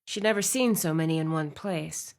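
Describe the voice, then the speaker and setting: A woman reading a romance audiobook aloud, with expressive narration. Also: sits low, moderate pace. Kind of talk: scripted narration.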